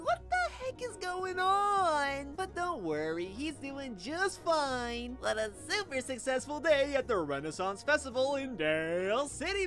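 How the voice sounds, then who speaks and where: Giddy high-voiced woman vlogger. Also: fairly bright tone. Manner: giddy, exclamatory, playful. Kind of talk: voice-over narration of a collecting vlog.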